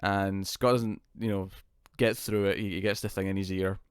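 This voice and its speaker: British guy recapping a tv episode, kinda rambly, deepish voice, dry sound. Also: level tone, normal speed, smooth, dry recording. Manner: rambling, acts out characters' lines with laughs. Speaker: podcast co-host. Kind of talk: casual TV review chat.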